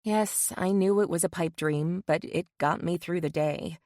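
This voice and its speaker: A woman's voice: on the low side, a little slow, darkish tone, dry recording, studio quality. Woman narrating a romance audiobook. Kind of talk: first-person scripted narration.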